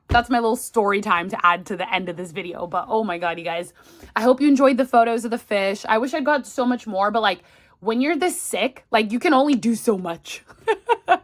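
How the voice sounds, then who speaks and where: A woman's voice: a little high, a bit bright. A woman in her thirties telling a rambling travel story to her viewers, quoting herself and others as she goes, while sick and feverish. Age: 30s. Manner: chatty, retelling with quoted asides. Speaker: travel vlogger. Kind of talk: casual story time.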